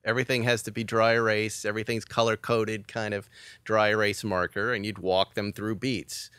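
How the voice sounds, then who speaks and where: A man's voice: on the low side, normal speed, clean tone, no echo. A middle-aged man, a comedy writer, telling a story in a podcast interview and acting out the quotes. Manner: animated storyteller who acts out quotes.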